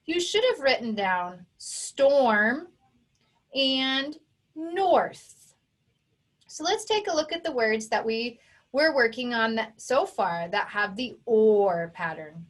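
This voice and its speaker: A woman teaching a phonics lesson to young children, who sounds out each sound and syllable with slow, careful emphasis. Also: a little high, animated. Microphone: recorded for an online video lesson.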